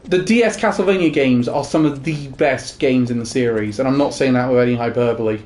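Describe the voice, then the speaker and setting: A man co-hosting a casual gaming chat, enthusiastic and quick to tell anecdotes. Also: medium pitch, a little mellow, a little hiss or hum. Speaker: co-host. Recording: faint music behind.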